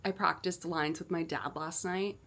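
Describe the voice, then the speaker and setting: A woman's voice: on the low side, steady tone, normal speed, a bit bright. A young woman, an actor, chatting casually to her vlog camera with lots of "like" fillers. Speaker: actor and vlogger.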